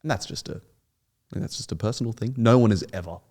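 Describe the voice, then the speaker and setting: A young man appears as a podcast guest in an interview, telling his story earnestly and ramblingly with many restarts. His voice is lowish and darkish in tone, and he talks at a quick pace.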